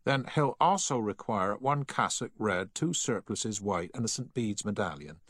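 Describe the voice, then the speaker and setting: A man's voice: on the low side, lively intonation, normal speed, fairly bright tone, dry recording, studio quality, voice pushed up. A man voicing a snobbish male tailor's shop assistant who lists items fussily and formally. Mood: prim.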